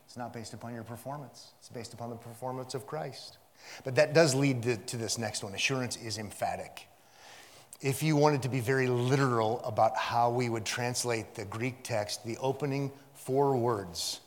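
A man preaching an expository sermon, swinging from hushed asides to loud emphatic repetition and rhetorical questions. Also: medium pitch. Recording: long hall reverb.

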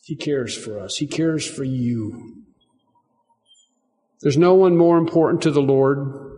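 A man's voice: takes it slowly, pauses often, dark tone. Earnest male preacher in a reverberant hall. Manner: earnest, repeats phrases, rises in pitch and volume for emphasis. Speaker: pastor. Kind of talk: sermon.

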